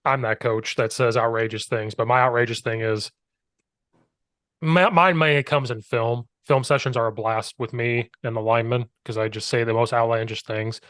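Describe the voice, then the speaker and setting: A man's voice: mid-range voice, fairly even intonation, moderate pace, a bit bright, no echo, clean studio sound. A man hosting a podcast, chatting casually in a jokey way and laughing a lot as he acts out funny things he says to players. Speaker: podcast host and football line coach.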